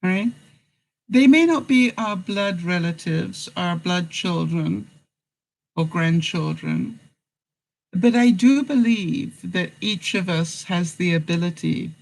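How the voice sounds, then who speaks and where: An English man hosts a casual vlog, answering viewers in a rambling style full of fillers and frequent chuckles. His voice is high-pitched, slow and gravelly, captured in a rough recording.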